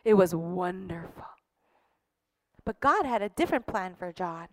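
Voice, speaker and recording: A woman telling a Bible story to children in a slow, expressive storytelling manner. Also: lowish voice, dry recording. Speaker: children's ministry teacher.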